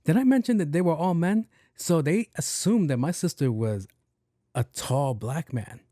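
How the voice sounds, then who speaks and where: A man hosting his own podcast, telling a comic story in a profane, animated rant and acting out what other people said. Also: fairly high pitch, moderate pace, no echo, clean studio sound. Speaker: podcast host. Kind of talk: solo comedic storytelling rant.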